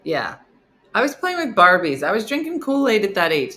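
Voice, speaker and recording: A woman comedian chatting casually to viewers, retelling funny videos with lively put-on voices. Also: moderate pace. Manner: animated, acts out funny videos in high squeaky voices. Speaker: comedian hosting a live morning stream. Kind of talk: casual chat reading comments.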